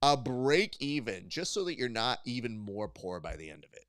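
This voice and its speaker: A man's voice: medium pitch, moderate pace, dry recording, studio quality. A man co-hosting a podcast in casual chat, telling stories and acting out quotes in other voices. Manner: animated storyteller, acts out quotes. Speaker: podcast co-host.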